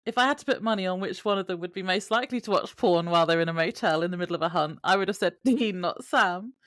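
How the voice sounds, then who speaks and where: A woman's voice: on the low side, fast, fairly bright tone, no room sound, clean studio sound. A woman co-hosting a podcast, chatting casually and reading out her notes, laughing along. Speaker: podcast co-host. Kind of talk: casual chat.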